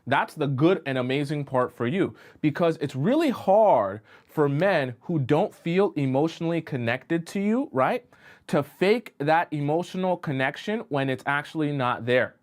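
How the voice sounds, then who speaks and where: A man coaching women on relationships in a live-stream talk, explaining slowly with repeated examples and checking whether listeners follow him. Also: a little high, expressive. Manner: keeps checking in with listeners, asking if they follow.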